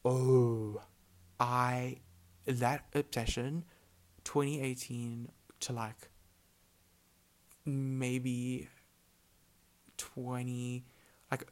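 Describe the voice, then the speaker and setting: A young man hosting his own podcast, rambling in casual chat full of filler words and tending to mumble his words together. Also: mid-range voice. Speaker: podcast host.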